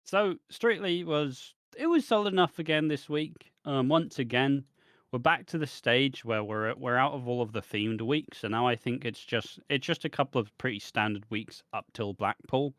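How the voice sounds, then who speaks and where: British man, podcast co-host, middle pitch, dry close sound, sweary ranter who mocks people in voices. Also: normal speed, no room sound. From Britain. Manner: sweary, animated ranting with mocking voices. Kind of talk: casual ranting chat.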